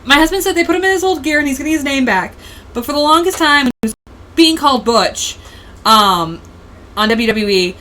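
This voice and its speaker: A woman's voice: sits high, animated, brisk, sharp tone, rough recording. A woman hosting a casual livestream, rambling through tangents and laughing often. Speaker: host.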